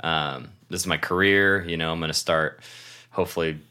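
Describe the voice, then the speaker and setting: A man's voice: low-pitched, fairly even intonation, moderate pace, sharp tone, smooth. A young man from Washington state, co-hosting a podcast in casual chat, rambling through stories, laughing often and swearing freely. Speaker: podcast co-host.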